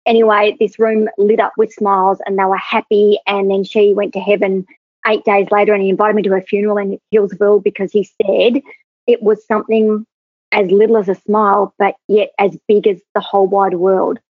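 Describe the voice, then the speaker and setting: A woman's voice: medium pitch, level tone, brisk, no room sound. A woman, a podcast guest, telling an emphatic, earnest story about leadership. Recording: tinny phone-like, husky, dry.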